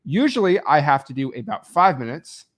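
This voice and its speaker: With a fairly high, sing-song, somewhat bright voice, a young man coaches real estate wholesaling at a moderate pace. His casual screen-recorded tutorial wanders, full of filler words and restarts.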